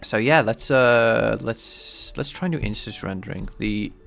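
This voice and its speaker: Low creaky man thinking aloud. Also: a bit bright, soft background music. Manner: thinking aloud, halting, many restarts and fillers. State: sneezing, a bit stuffy. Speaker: livestreaming game developer. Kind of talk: casual livestream coding talk.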